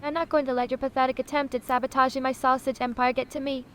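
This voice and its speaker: A text-to-speech woman's voice sitting high, fast and fairly bright, with little pitch movement and a little hiss or hum, plays a self-important AI chatbot that calls itself a sausage. The delivery is haughty, dramatic and condescending, with honey said often.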